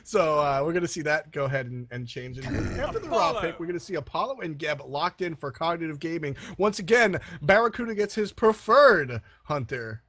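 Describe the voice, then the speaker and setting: A man casting an esports match, chatty and quick to laugh, often restarting his sentences. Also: fairly high pitch, animated, a bit bright. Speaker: esports caster. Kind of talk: play-by-play commentary.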